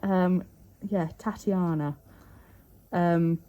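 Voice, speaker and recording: A woman's voice: medium pitch, expressive, moderate pace, darkish tone. A woman doing a client's nails at home, chatting casually with dry, teasing banter. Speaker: nail artist and channel host. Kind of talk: casual chat while working.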